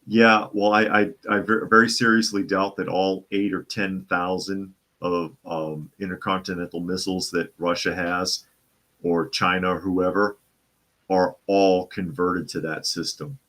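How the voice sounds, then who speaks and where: A man's voice: low-pitched, steady tone, measured pace, fairly bright tone. A man from the Boston area hosting a live talk show, reading viewer comments and answering in a conversational way, often restarting and repeating phrases. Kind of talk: casual opinion talk.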